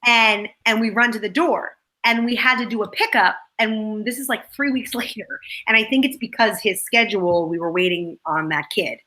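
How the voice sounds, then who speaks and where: A woman's voice: medium pitch, moderate pace, hardly any pauses, sharp tone, rough recording. An actress, a woman, chatting as a guest and rambling through behind-the-scenes stories. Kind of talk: casual chat.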